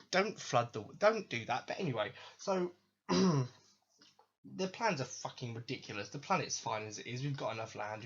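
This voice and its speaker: A man rants sarcastically and swears freely. His voice is bright and a bit husky, and it jumps around with animated pitch. It sounds dull and lo-fi. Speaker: podcast host. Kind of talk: ranting video game commentary. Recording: dull lo-fi recording.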